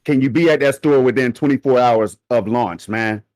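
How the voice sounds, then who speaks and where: A man co-hosting a livestream gaming podcast in animated, slangy banter, often laughing as he talks. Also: mid-range voice, moderate pace, no echo. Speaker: podcast co-host. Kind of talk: casual livestream podcast talk.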